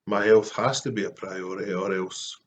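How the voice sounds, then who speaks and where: A Scottish man with a lowish voice speaks to camera in a casual, heartfelt vlog. He talks softly and earnestly, with frequent pauses and fillers. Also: steady tone. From Scotland. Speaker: Christian artist vlogger.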